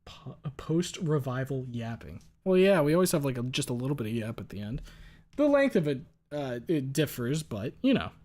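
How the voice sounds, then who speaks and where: A man's voice: mid-range voice, big pitch swings, moderate pace, a little mellow. Joking, foul-mouthed male streamer. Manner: joking, profane, reads chat aloud. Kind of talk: casual livestream chat.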